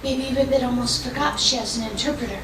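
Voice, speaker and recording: A woman doing a live comedy puppet act, giving deadpan introductions on a comedy club stage. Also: sits high, fast talker, over a noisy crowd. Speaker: puppeteer comic. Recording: echoey club, far mic, loud noise.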